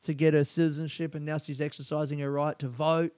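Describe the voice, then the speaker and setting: A man's voice: on the high side, little pitch movement, fast talker, darkish tone, no room sound. A young Australian man hosting his own podcast alone, rambling in a crude, profane, offhand way. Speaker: podcast host. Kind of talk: solo casual podcast monologue.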